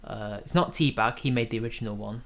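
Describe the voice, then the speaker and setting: A man's voice: medium pitch, quick pace. A man from Britain hosting a casual live stream, rambling and hesitant, laughing often between points. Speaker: stream host.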